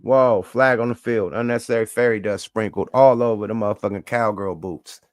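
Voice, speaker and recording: A man's voice: on the low side, brisk, dry recording, studio quality. A man hosting a livestream, talking in a laid-back, slangy, rambling way. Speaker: livestream host. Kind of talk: casual chat.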